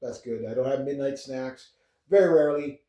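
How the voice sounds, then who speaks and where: Canadian man, 50s, mellow voice, rambling casual vlog, echoey room. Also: medium pitch, moderate pace. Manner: laid-back, chuckles often, rambling. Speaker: vlogger. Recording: echoey room, far from the mic.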